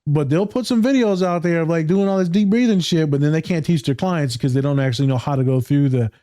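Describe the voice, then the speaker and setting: A man's voice: fairly high pitch, fast talker, mellow, no echo, studio quality. A man co-hosting a podcast who works as a counselor, talking casually with slang and a lot of swearing. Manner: casual, profane, slangy storytelling.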